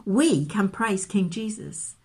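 A woman gently reading a children's Bible story aloud, with expressive storytelling. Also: medium pitch, slow pace, slightly rough.

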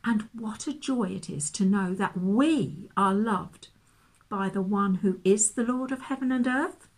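Slow, husky woman telling a children's story. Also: mid-range voice. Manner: gentle, expressive read-aloud storytelling. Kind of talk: reading a children's Bible story aloud.

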